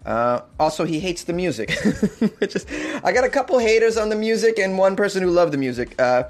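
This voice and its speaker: A man's voice: high-pitched, sing-song, brisk. A young man hosting a casual comedy news podcast from his apartment, rambling and laughing at his own jokes. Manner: rambling, self-amused, laughs often. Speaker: podcast host. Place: hot apartment.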